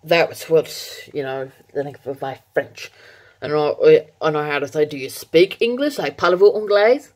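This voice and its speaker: A woman talks casually to her viewers in a slightly low voice. She rambles with fillers and corrects herself. She laughs at her own slips. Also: normal speed, darkish tone. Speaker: vlogger. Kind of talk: casual chat to camera.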